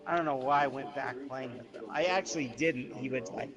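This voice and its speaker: A man's voice: medium pitch, fairly quick, highs cut off, crowd noise. A man livestreaming, telling long rambling stories in a casual chat full of fillers and restarts.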